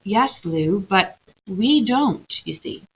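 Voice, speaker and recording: A woman voicing the eldest boy, a calm and firm leader. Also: mid-range voice, slow, husky, highs cut off, heavily acted.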